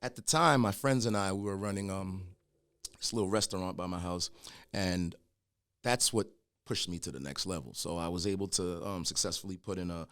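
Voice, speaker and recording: This is a middle-aged man talking casually as a guest, with a somewhat low-pitched voice. He is an animated storyteller who slips into the voices of the people he quotes. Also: moderate pace. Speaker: guest, clothing brand founder.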